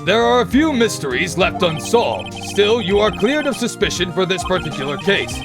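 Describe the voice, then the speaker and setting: A man's voice: high-pitched, very animated, moderate pace, over music. A man voicing an elderly male judge who speaks in a hesitant, ponderous way. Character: elderly male judge, mild and easily swayed.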